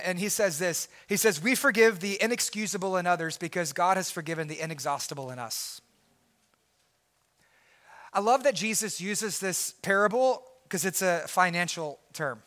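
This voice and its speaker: A male pastor preaching a sermon in an earnest way, swinging from quiet, low lines up to shouted emphasis and often repeating words as he goes.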